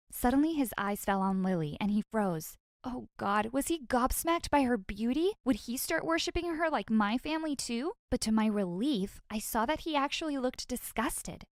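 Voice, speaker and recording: A woman narrating a first-person animated story in a wry, exasperated tone. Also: a little high, moderate pace, hardly any pauses, dry recording, studio quality.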